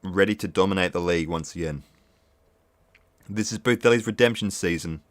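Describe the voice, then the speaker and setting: A young man giving profane, shouting commentary on his own football video game career. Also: sits low, brisk, no room sound. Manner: swears a lot, shouts in frustration. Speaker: gaming YouTuber. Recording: game music behind.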